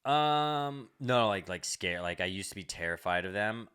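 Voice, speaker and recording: A man's voice: lowish voice, expressive, normal speed, sharp tone, clean tone. A young man co-hosting a comedy podcast, telling a long story in casual chat, rambling with lots of "like" and swearing.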